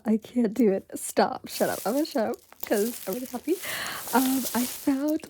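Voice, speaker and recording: A woman's voice: a little high, moderate pace, mellow, husky. Young woman, casual vlog chat, bubbly, rambling, whispers and squeals, bedroom, camera mic. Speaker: vlogger. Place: her bedroom.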